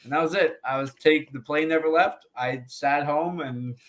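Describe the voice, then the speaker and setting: A man's voice: fairly high pitch, normal speed, fairly bright tone. A man, a comedian guest on a podcast interview, telling a long profane anecdote with frequent laughs.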